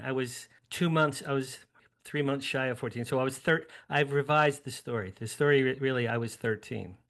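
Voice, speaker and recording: Gravelly older man telling a story. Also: medium pitch. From New Jersey. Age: 60s. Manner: animated, digressive storyteller with frequent restarts. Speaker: guest. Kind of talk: personal storytelling in an interview.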